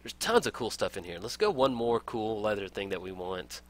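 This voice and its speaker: Upbeat young man with a lively voice. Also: on the low side, moderate pace. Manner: upbeat, enthusiastic, laughs often. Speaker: gaming let's play host. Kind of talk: casual game tutorial commentary.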